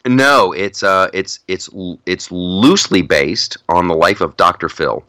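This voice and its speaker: Deep-voiced rambling male podcast host. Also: unhurried, sharp tone, dry recording. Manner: rambling, laughs a lot, many restarts. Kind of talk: casual chat.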